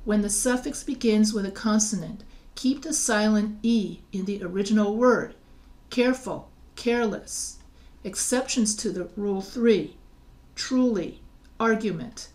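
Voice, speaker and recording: A woman's voice: medium pitch, measured pace, a little mellow. A woman teaching writing, explaining spelling rules patiently, often restarting and spelling words out letter by letter. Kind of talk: recorded lecture over slides.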